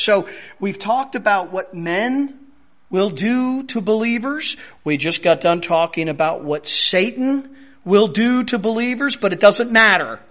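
A male pastor delivering a sermon in a high, tenor-range voice. He speaks slowly and deliberately, stressing key words and repeating phrases for emphasis. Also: a bit bright.

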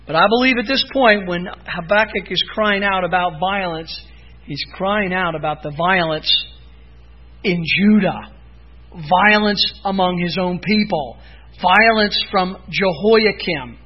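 A man with a high voice preaches in an unhurried, deliberate cadence. He talks earnestly and breaks into impassioned cries when quoting laments. The recording is dull and lo-fi. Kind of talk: expository sermon.

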